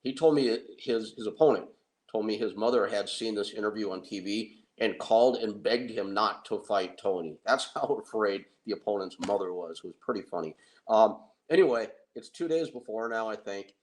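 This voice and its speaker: Lower-voiced middle-aged man, animated storyteller, laughs at himself. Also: normal speed. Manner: animated, self-deprecating, laughs often. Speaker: wrestling and MMA manager. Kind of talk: anecdotal storytelling.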